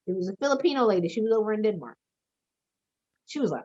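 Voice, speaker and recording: A woman career coach talking loudly and emphatically in casual chat, telling stories with slang. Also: medium pitch, expressive, fast talker, pauses often, muffled recording. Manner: loud, emphatic storyteller, slips into slang.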